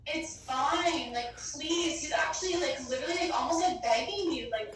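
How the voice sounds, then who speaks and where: A woman's voice: high-pitched, moderate pace, few pauses, a bit bright. A woman giving a psychic medium reading in a chatty, affectionate way, full of "like" and calling the listener babe. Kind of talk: casual spoken reading. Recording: echoey and distant with faint noise.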